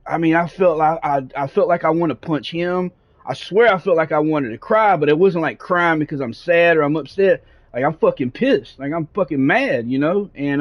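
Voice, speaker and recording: A man streaming a game who tells a long story in casual talk, rambling with lots of fillers and swearing. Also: on the high side. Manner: rambling, profane, frequent fillers. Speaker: gaming streamer. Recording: dull lo-fi sound.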